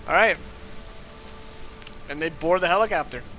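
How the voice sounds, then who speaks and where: A man's voice: fairly high pitch, normal speed, sharp tone, slight background noise. A man narrating as game master in a loose, filler-heavy way.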